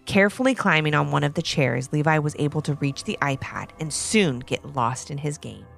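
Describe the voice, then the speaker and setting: A woman host narrating a children's story in an expressive, animated way. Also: sits low, moderate pace, vocal fry, faint music behind.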